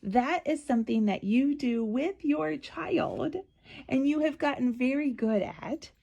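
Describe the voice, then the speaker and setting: A woman's voice: high-pitched, a little slow, gravelly, mellow, lo-fi sound. A woman hosting a casual solo podcast, telling a story in a chatty, conversational way with many asides, recorded at home on a close mic. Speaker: podcast host and parent advocate.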